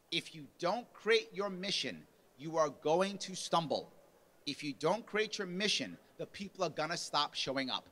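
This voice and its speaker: Guy with a bright high voice giving a punchy motivational talk at a convention lunch. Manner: punchy, acts out quotes with rising volume. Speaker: party speaker at a convention. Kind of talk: motivational speech.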